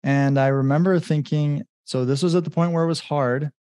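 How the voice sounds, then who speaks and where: A man's voice: a little high, fairly even intonation, moderate pace, darkish tone, no echo, clean studio sound. A man, a business coach and guest, telling his story in a rambling casual way with many fillers and acted-out quotes. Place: home in Mexico.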